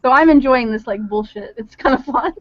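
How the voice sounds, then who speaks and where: A woman casually narrating her character in a role-play session, giggly and animated. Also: high voice, brisk, no echo. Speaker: tabletop role-play player. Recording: dull lo-fi dry recording.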